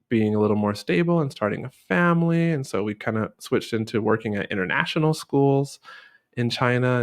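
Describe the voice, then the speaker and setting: A man from the United States chatting casually, relaxed and rambling with many fillers. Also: on the low side. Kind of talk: casual chat.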